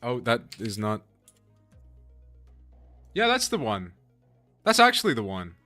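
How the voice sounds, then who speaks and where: A man's voice: mid-range voice, wildly swooping pitch, slow pace, pushed and bright, dry recording, soft background music. A man live-streaming a game, chatting with his viewers in a casual, profane way, laughing often and apologizing to chat.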